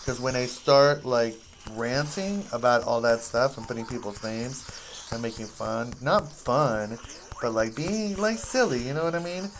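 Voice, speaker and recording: A man's voice: medium pitch, animated, a little slow, a little hiss or hum. A man giving casual, rambling gameplay commentary, goofy and self-mocking as he plays.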